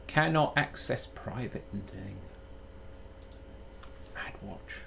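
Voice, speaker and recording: A man live-streaming his programming work, muttering through the code in an unhurried, halting way. His pitch moves around expressively, rising and dipping as he works things out, and he often cuts himself off mid-thought. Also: expressive, a little hiss or hum. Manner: halting, self-interrupting, muttering while working. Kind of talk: live coding stream, thinking aloud.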